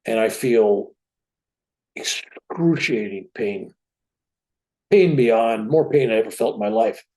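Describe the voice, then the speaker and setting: A man's voice: on the low side, slow pace, warm tone. An older man telling a personal story as an interview guest, acting out the dialogue as he goes.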